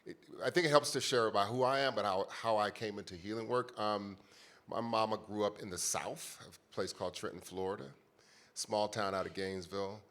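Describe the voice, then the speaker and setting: A man's voice: lowish voice, fairly even intonation, fairly quick, fairly bright tone. A man in his fifties from the United States, telling a heartfelt personal story as a conference panelist and speaking directly to the audience.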